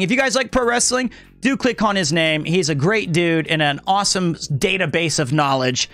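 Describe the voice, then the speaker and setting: A man's voice: sits high, a bit bright, no echo. A young man streaming live, chatting casually and thanking viewers in an upbeat way.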